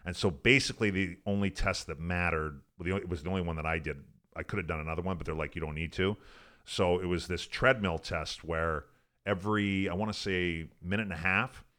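A man's voice: sits low, a little fast, a bit bright. A man, a former pro hockey player from Alberta, telling a long, profane, rambling story in a casual interview, full of "like" and "I'm like.". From Alberta, Canada.

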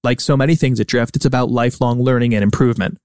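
A man's voice: medium pitch, steady tone, quick pace, a little mellow, no echo, studio quality. A man hosting a marketing podcast, explaining ideas in a coaching, explanatory way. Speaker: podcast host. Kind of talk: scripted podcast commentary.

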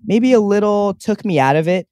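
A man's voice: sits high, animated, normal speed, warm tone, clear, resonant tone, no echo, studio quality. A young man co-hosting a casual chat show, rambling with lots of fillers and restarts. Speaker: podcast co-host.

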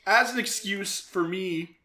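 A man's voice: sits high, a little slow, pushed and bright. A man co-hosting a podcast in casual, playful, jokey chat. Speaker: podcast co-host.

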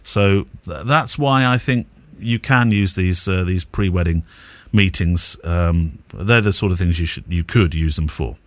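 A man's voice: low voice, measured pace, no echo. A man co-hosting a casual photography podcast, giving wedding advice in a chatty way and laughing easily.

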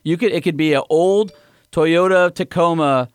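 A man's voice: on the high side, normal speed, clean tone, no room sound. Jokey male podcast co-host, dry sound. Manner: jokey, directive. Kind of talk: casual chat.

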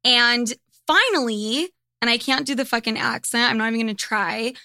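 Brief: woman, podcast host, casual and profane, bright tone, dry close sound. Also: on the high side, normal speed, no room sound. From United States. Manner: blunt, profane and candid. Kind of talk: casual monologue.

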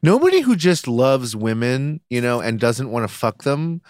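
A man's voice: medium pitch, big pitch swings, moderate pace, a little mellow, dry recording, studio quality. A man co-hosting a podcast, sarcastic and profane, ranting in casual chat. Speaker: podcast co-host.

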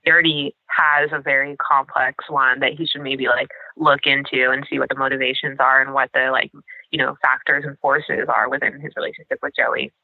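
A woman co-hosting a casual podcast chat about a TV episode, talking in an animated way, full of "like" and "you know". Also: extremely low pitch, fairly quick, dry recording, narrow, tinny audio. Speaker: podcast co-host.

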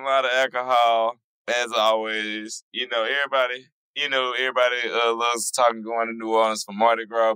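A man co-hosting a podcast, his voice hoarse and mostly gone, telling stories in a lively way and swearing often. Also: mid-range voice, no echo, rough recording. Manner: animated storyteller, swears a lot. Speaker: podcast co-host. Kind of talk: casual chat.

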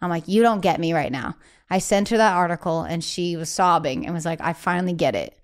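Chatty woman with a smooth, clear voice. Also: fairly low pitch, animated, fairly quick. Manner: chatty, many "like" fillers, acts out quoted voices. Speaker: singer-songwriter guest. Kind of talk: candid conversational interview.

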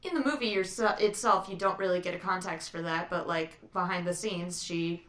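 A woman's voice: fairly low pitch, normal speed, a bit bright, roomy sound. A woman co-hosting a podcast in casual chat, telling anecdotes and laughing easily. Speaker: podcast co-host.

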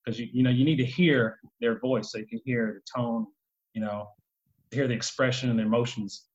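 A man's voice: medium pitch, fairly even intonation, normal speed, darkish tone, slightly rough. A man speaking bluntly and opinionatedly in a casual podcast chat, with some swearing. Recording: dull lo-fi sound.

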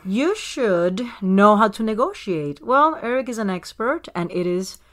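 A woman from Puerto Rico teasing her partner in a casual chat, animated and laughing often. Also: medium pitch, measured pace. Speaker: co-host.

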